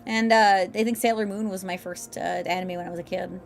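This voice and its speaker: A woman's voice: medium pitch, steady tone, fairly quick, gravelly, faint music behind. A young woman streaming a game, chatting casually with her viewers, rambling and laughing often as she answers chat.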